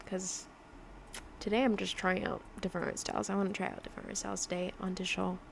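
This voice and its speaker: Young woman, casual streamer, rambly and giggly, gravelly fry, accent wanders in a mix, faint room hum. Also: mid-range voice, flat delivery, fast talker. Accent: drifting mix of mimicked accents. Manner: chatty, rambling, laughs often, many fillers. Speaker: digital artist livestreaming. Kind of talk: casual livestream chat while drawing.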